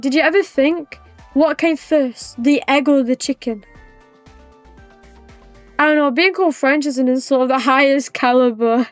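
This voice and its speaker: British girl streamer yapping at chat, high voice, dry close mic. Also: dry recording. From Britain. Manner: chatty, rambling, teasing, quick to laugh. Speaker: livestreamer. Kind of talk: casual chat with live viewers.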